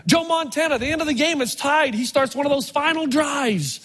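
A man preaching a sermon, telling stories with animated, drawn-out emphasis in a large church. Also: very high voice. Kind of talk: sermon with storytelling. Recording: long reverb of a large hall.

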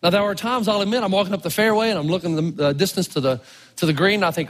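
A male pastor preaching a storytelling sermon, animated, swinging from low murmurs to loud exclamations, with a husky voice. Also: fast talker. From Tennessee. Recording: long reverb of a large hall.

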